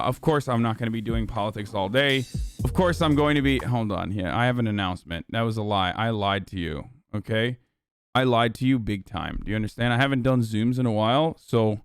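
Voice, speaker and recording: A young man streaming, chatting with his audience in a profane, mocking way and breaking into loud laughs. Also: lowish voice, smooth, no echo, studio quality. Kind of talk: casual livestream chat.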